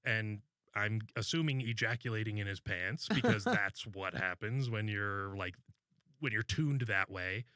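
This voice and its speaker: A man's voice: on the low side, a little slow, pushed and bright, smooth, dry recording, clean studio sound. Rambling, swearing male podcast co-host. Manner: rambling, loose, swears often. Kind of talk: casual podcast chat.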